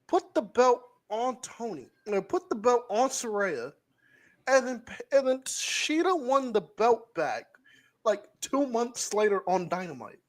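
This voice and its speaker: Man, podcast co-host, ranting, profane, repetitive, high voice. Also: sing-song, unhurried. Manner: ranting, profane, emphatic, repeats himself. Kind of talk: heated casual chat.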